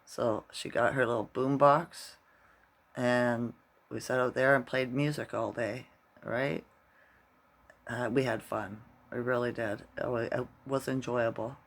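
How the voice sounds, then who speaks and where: A man's voice: mid-range voice, steady tone, unhurried, creaky, a bit bright. A middle-aged man vlogging casually, rambling through a story and tagging his sentences with "right?".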